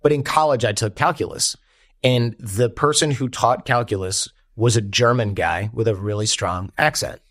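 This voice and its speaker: A man, a podcast guest telling stories in an animated way and quoting people in character. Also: medium pitch, moderate pace, no echo, clean studio sound. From United States. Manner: animated storyteller, quotes others in character. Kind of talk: conversational interview.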